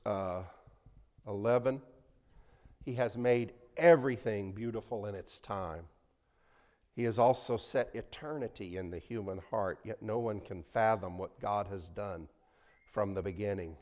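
A man preaching a conversational sermon to a congregation in a church, swinging between loud emphasis and soft asides. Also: fairly low pitch, slow, pauses often.

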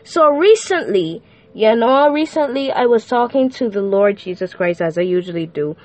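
A woman's voice: a little high, lively intonation, normal speed, a little mellow, dry recording. A young woman talking casually to her viewers about her faith, chatty and slangy with many fillers. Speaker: vlogger. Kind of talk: casual faith vlog monologue.

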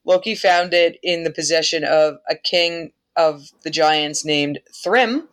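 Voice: mid-range voice, slow pace, a bit bright. A podcast host casually retelling a myth in an irreverent way, laughing often and swearing now and then.

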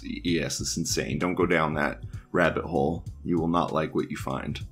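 A man with a somewhat low voice hosts a casual online news show, reading posts aloud and reacting to them in crude, rambling asides. He laughs often and stumbles over restarts. Faint music runs quietly underneath him. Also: steady tone, brisk.

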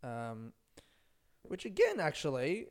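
A man's voice: fairly high pitch, huge pitch swings, takes it slowly. A young man, a stand-up comedian, rambling laid-back through a casual solo podcast on a close microphone, swearing often.

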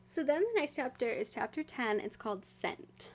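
A woman's voice: sits high, big pitch swings, moderate pace. A woman co-hosting a casual book chat, reasoning things through and quoting passages. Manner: thoughtful, laughs easily, reads quotes aloud. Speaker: co-host of a book discussion.

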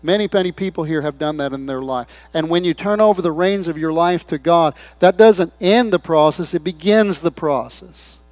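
A pastor preaching a sermon, swinging between loud appeals and hushed, quiet asides, acting out short quoted voices. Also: male voice, fairly high pitch, normal speed, few pauses, no room sound. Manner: acts out people's voices in short quoted bits.

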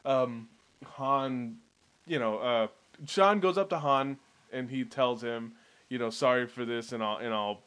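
Casting note: mid-pitched man, laid-back plot recapper, filler-heavy casual delivery. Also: unhurried, smooth. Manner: relaxed storyteller, many fillers like "you know". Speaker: podcast co-host. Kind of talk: casual movie recap chat.

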